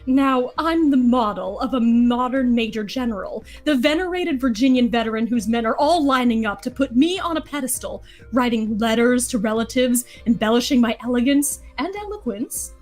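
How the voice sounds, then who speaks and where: A woman's voice: on the high side, animated, normal speed, hardly any pauses, a little mellow, soft background music, close to an everyday voice. A woman voicing a weary adult male general leading outnumbered troops, delivering the lines in a rhythmic, rap-like way. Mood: urgent. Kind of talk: live dramatic read-through of a musical.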